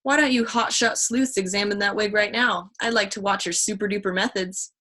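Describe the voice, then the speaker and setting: A woman reads a spirited teenage girl from a storybook, quick to tease. The voice stays close to the woman's own. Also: medium pitch, steady tone, bright, forceful tone. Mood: teasing. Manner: teasing.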